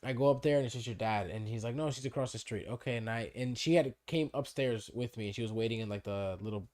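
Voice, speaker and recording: A man's voice: mid-range voice, quick pace, darkish tone. A man co-hosting a podcast, telling a story in a loose, swearing way and acting out who said what. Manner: swears freely, acts out quoted dialogue. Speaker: podcast co-host. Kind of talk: casual storytelling chat.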